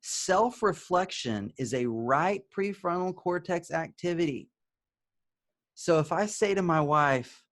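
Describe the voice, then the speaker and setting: A man's voice: on the high side, expressive, takes it slowly. Conversational male therapist teaching. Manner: conversational, asks and answers his own questions; acts out gentle example phrases softly. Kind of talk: video lesson to camera.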